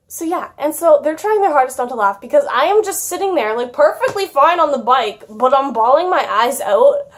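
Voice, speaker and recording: A young woman telling a childhood story in a casual vlog, chatty and giggly, with lots of "like". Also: high-pitched. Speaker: YouTuber.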